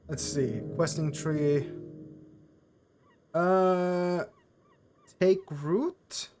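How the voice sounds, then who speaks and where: A man's voice: fairly high pitch, unhurried, a bit bright. Man reading game text aloud. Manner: casual, swearing, frequent uh fillers and restarts. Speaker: video game streamer.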